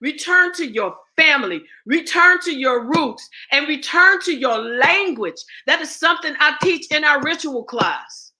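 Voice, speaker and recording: A woman's voice: sits high, lively intonation, measured pace, few pauses, sharp tone. A woman speaking as a guest and ritual teacher, blunt and profane, preaching with rhetorical questions. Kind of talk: impassioned spoken address.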